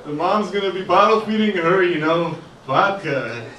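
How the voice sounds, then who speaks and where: A man's voice: high-pitched, animated, normal speed, sharp tone. A man doing a stand-up comedy set at an open mic, chatty and self-deprecating, with lots of uhs and ums. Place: art gallery open mic night. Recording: echoey room recorded from far off, noisy. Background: audience ambience and laughter.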